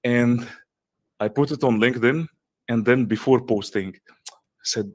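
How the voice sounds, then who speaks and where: A man speaking English with an Arabic accent, as a guest in an online interview. His delivery is earnest and emphatic, full of repeated phrases and restarts. The voice sits at a middle pitch and sounds dry and close. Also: a little slow, no echo.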